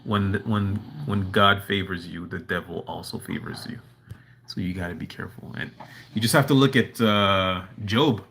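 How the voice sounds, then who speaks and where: A man's voice: low voice, normal speed, vocal fry, a bit bright, a little hiss or hum. A man hosting a casual livestream, talking in a rambling, earnest way full of "you know" while answering his chat from home. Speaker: livestream host reading chat. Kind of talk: casual monologue to a live chat. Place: at home with a dog nearby.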